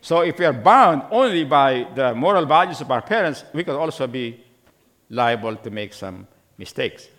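Man, middle-aged pastor, sermon, questions the congregation, lively rising and falling voice. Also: medium pitch, moderate pace. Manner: asks the congregation many questions; acts out voices in the scripture story.

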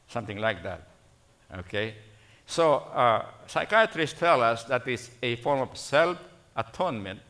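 A male preacher delivers a sermon in a church, his tone bright and forceful. He repeats key phrases for emphasis and keeps asking the congregation "okay?". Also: medium pitch, big pitch swings, measured pace.

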